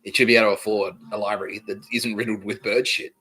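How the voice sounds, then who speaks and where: A man's voice: fairly low pitch, level tone, quick pace, bright, forceful tone. Rambling, profane man. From Australia. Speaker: podcast host. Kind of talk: rambling monologue.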